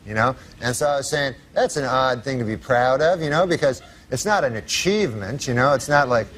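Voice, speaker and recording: A man telling jokes in a rambling, deadpan way, full of "you know" asides, in stand-up and talk show anecdotes. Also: mid-range voice, brisk. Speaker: comedian.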